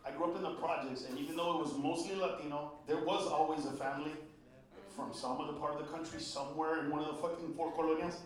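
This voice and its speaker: A man from the United States doing a stand-up routine, profane, loud and punchy. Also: on the high side, fairly even intonation, fast. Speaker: stand-up comedian. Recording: echoey club, far mic, crowd. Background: audience laughter.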